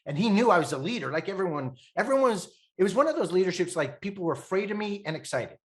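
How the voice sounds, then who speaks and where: Excitable storytelling man in his fifties. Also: high voice. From Canada. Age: 50s. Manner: fast, excitable, laughs often, acts out quoted voices. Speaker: podcast guest. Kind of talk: animated storytelling.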